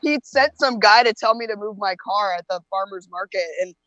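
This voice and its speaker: A woman guest telling a story in a chatty, animated way. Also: medium pitch, a little fast, dry recording, muffled recording. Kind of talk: casual storytelling on a talk show.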